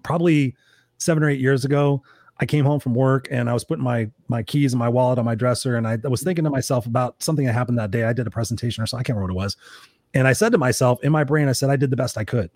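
Middle-aged male host, quick and animated storyteller, swears, dry close sound. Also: medium pitch, no room sound. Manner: animated, swears freely, acts out quotes. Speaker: podcast host. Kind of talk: casual storytelling chat.

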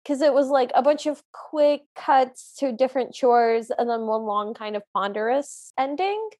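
Recapping a film in a casual podcast chat, this woman co-host tells the story with lots of animation and performs the characters' lines herself. Her voice is high and her pace moderate.

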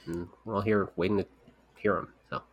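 A man's voice: low-pitched, steady tone, a little fast, highs cut off. A man co-hosting a casual podcast, talking in a rambling, candid way with casual swearing. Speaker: podcast co-creator and host.

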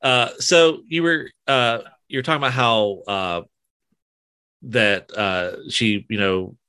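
Low bright-voiced Southern man hosting. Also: steady tone, takes it slowly, smooth, no room sound. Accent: mild Southern US. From Alabama. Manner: chatty, hesitant, many fillers and restarts, laughs often. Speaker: interview host. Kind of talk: casual interview chat.

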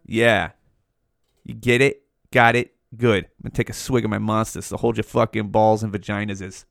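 A man's voice: on the low side, fairly even intonation, normal speed, vocal fry, a bit bright, no echo. Profane ranting man, dry close mic. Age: 40s. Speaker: podcast host. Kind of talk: solo podcast rant. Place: small hot home room. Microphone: mouth right up against the mic.

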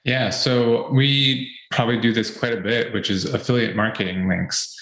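A man's voice: mid-range voice, steady tone, moderate pace, fairly bright tone, echoey room, rough recording. A man co-hosting a podcast, giving earnest business advice in a casual chat, repeating his points with fillers. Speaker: podcast co-host.

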